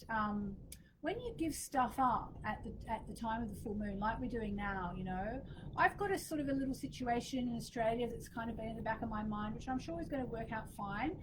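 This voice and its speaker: A woman leading a spiritual moon ceremony, talking in a casual, meandering, chatty way with fillers, recorded outdoors in a small courtyard. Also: fairly high pitch. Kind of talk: casual spoken teaching. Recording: outdoor ambience noise behind voice.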